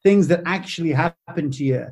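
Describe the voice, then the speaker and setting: An Irish man, a comedian guest, telling stories in a relaxed, chatty way. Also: on the high side, moderate pace, breathy edge. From Ireland. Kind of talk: casual chat.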